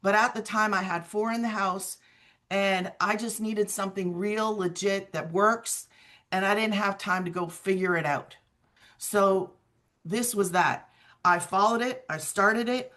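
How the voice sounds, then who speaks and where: A woman's voice: medium pitch, a little slow, a bit bright. Earnest woman telling her story. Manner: earnest, conversational, quotes herself often. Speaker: guest sharing her story. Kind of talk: emotional personal testimony.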